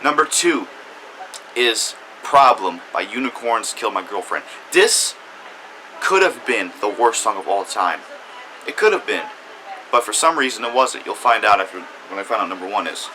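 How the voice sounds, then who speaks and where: A man ranting about a song in a loud, profane, exaggerated commentary full of cursing. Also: medium pitch, lively intonation, moderate pace, slight background noise, poor audio. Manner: angry, cursing, exaggerated outbursts. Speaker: music reviewer.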